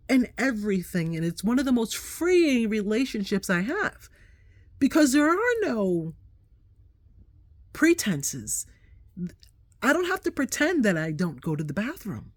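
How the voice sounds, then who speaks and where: A middle-aged woman vlogging, telling a story in a chatty, animated way and acting out what people said. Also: mid-range voice, measured pace, long pauses, no echo. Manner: animated, chatty, acts out quotes. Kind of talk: casual storytelling to camera.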